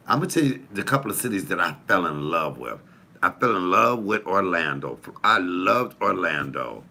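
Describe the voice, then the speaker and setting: A man talks loosely to his viewers. His voice sits deep yet comes out bright and forceful. He tells animated stories full of cussing and teasing asides. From Detroit, USA. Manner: animated, swearing storyteller with playful asides. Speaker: comedian hosting a live chat show. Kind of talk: casual chat to viewers.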